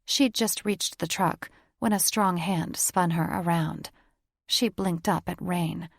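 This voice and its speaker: Low, gravelly woman narrating a romance. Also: slow pace, no echo, clean studio sound. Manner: steady storytelling. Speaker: audiobook narrator. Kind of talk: scripted narration.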